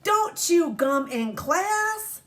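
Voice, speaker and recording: A woman voicing a stern schoolteacher who scolds a misbehaving boy with loud, clipped commands. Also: very high voice, sing-song, very slow, pitched above the performer's own voice, full character voice. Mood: scolding.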